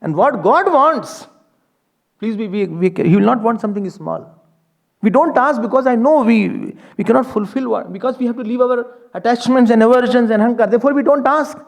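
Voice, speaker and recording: Male spiritual teacher, high and gravelly, swoops widely, acts out his story's characters. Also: brisk. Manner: animated, acts out characters' lines. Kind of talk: devotional storytelling discourse.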